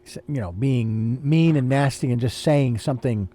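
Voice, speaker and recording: An older man hosting a casual spiritual talk, pausing and restarting as he searches for the right words. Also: mid-range voice, mellow. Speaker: host.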